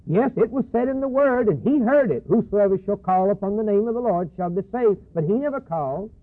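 A man preaching a sermon, acting out Jesus as a grave male high priest who quotes scripture. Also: expressive. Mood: solemn. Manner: grave, measured, quoting scripture. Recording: husky tinny phone-like broadcast.

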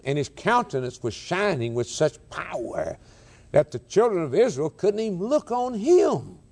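A man's voice: a little high, creaky. Man preaching with dramatic swings. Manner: dramatic preaching with sudden swings from loud to hushed. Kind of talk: sermon.

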